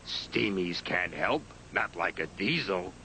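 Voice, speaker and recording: A man's voice: sits low, animated, slow, sharp tone, slight background noise, pitched below the performer's own voice, heavily acted, poor audio. A man voicing a sneering, boastful male diesel engine in a scornful, mocking manner.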